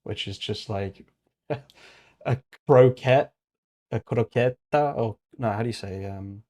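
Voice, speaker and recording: A British man with a somewhat low voice talks casually on a livestream. He rambles and thinks aloud, often stopping to correct himself or trail off into mutters. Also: takes it slowly, warm tone. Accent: British English. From Britain.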